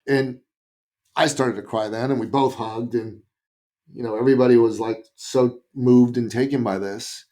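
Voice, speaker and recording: Animated Canadian man telling a story. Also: medium pitch, normal speed, pauses often. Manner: animated, acts out quoted voices. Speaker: guest. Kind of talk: storytelling in a podcast interview.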